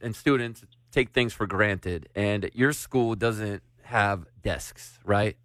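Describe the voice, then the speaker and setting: A man's voice: on the low side, takes it slowly, fairly bright tone, dry recording. A man hosting a radio morning show, chatting casually and joking with a caller, with plenty of fillers. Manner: friendly, joking, filler-heavy.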